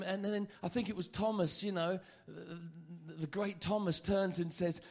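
A man preaching a sermon, lively and joking, often stammering and repeating phrases. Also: high voice, moderate pace, creaky, hardly any pauses.

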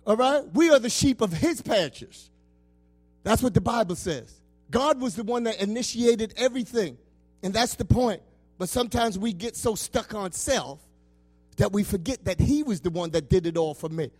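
Passionate preacher, man with a high voice, faint music under him. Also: expressive, normal speed. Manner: passionate, swinging between loud preaching and soft asides. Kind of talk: sermon.

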